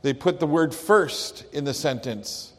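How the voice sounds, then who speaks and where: A pastor preaching a sermon, slow and emphatic, leaning hard on key words. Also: male voice, a little high, expressive. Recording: long hall reverb.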